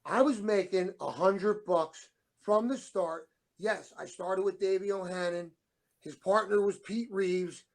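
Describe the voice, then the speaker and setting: A middle-aged man with a high, gravelly voice, telling long rambling stories in a casual way. He acts out the other people's lines as he goes. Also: unhurried. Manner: rambling anecdotes, acts out quoted dialogue. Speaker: show co-host, former wrestler. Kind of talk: casual storytelling.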